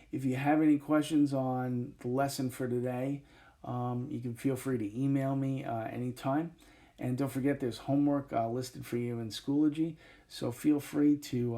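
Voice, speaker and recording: A male teacher giving a recorded grammar lesson over a whiteboard, talking in a relaxed way with many fillers and frequent checks of "okay". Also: medium pitch. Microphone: tablet microphone, voice-over.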